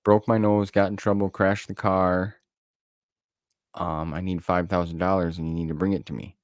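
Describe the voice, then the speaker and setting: A man's voice: deep voice, fairly even intonation, moderate pace, no echo, clean studio sound. A man co-hosting a casual podcast chat, telling stories in an earnest, rambling way. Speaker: podcast co-host.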